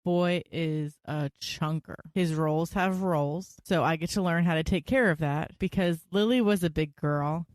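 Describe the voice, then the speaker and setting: A woman's voice: low-pitched, unhurried, hardly any pauses, dry recording, studio quality. Chatty young woman co-hosting a podcast. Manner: chatty, animated storytelling. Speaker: podcast co-host. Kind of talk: casual chat.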